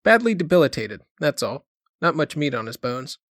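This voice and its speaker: A man voicing a male doctor who speaks in a brisk, blunt, matter-of-fact way. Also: on the high side, big pitch swings, a bit bright, no echo, studio quality.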